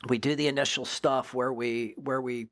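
Profane, animated male storyteller, dry sound. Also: mid-range voice, normal speed, dry recording. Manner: profane, animated storyteller who keeps checking in with "right?". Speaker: former federal drug agent, guest. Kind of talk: casual storytelling in a podcast interview.

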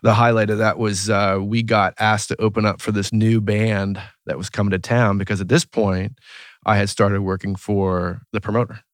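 A man with a fairly low voice chats in an easygoing, agreeable way and chuckles along. The recording is close and dry. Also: level tone, normal speed, dry recording. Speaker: guest. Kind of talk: casual conversation.

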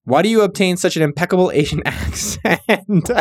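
Podcast guy doing shout outs, chill and slangy, cusses a lot, slightly high voice, dry close sound. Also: normal speed, no echo. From California, US. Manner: laid-back, profane, joking, slangy. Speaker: podcast host. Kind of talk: casual shout-out monologue.

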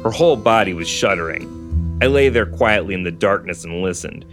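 Low-voiced man reading a story aloud. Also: brisk. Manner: steady first-person narration, dry asides. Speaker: podcast host reading a novel aloud. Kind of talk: storybook reading with casual commentary. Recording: guitar music under the voice.

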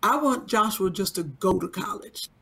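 A woman co-host chats in easy, relaxed banter, full of "uh" and "you know". Her voice sits at a medium pitch. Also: normal speed, creaky. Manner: relaxed, warm banter with many fillers. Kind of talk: casual chat.

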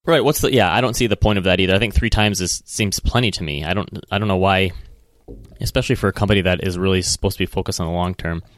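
A man's voice: low-pitched, quick pace, no room sound. A man with a Midwestern accent co-hosting a podcast, chatting casually about markets and often hedging his opinions. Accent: Midwestern American. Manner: relaxed, hedging with self-corrections. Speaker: podcast co-host. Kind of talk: casual finance chat.

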